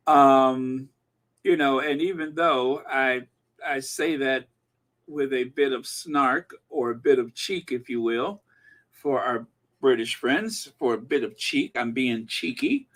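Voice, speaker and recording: A male live-stream host at a middle pitch, rambling along with his viewers in easy, conversational commentary. He takes his time, drawling through long pauses and filler words. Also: expressive, fairly bright tone. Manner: unhurried, chatty, many um and uh fillers.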